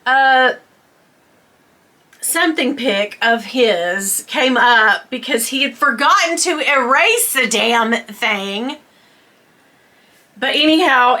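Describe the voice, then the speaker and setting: A bright, somewhat high-voiced woman in her fifties with a drawl chats to camera about an embarrassing story. She talks in an animated way, laughing as she goes and slipping into voices for the people she quotes. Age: 50s. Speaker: vlogger. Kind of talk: casual storytime chat to camera.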